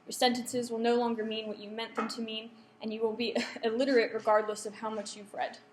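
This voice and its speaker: A woman's voice: on the high side, little pitch movement, brisk, a little hiss or hum. A young woman giving a writing workshop to students, explaining points with frequent ums and self-corrections. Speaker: lecturer. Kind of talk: academic writing workshop talk. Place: lecture room. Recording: echoey lecture room.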